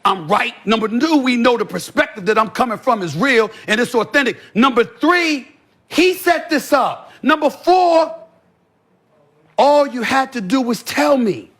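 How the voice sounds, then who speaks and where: A man's voice: extremely high pitch, animated, measured pace, fairly bright tone. A man talking in a heated, profane podcast conversation, pressing his points again and again. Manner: emphatic, profane, repeats points. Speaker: sports commentator as podcast guest.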